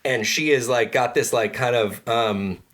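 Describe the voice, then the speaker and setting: A man's voice: mid-range voice, fairly bright tone. Guy cohosting a comedy podcast, chill and agreeable, laughs a lot, normal mid voice. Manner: agreeable, chatty, quick to laugh. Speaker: podcast co-host. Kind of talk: casual comedy movie-review chat.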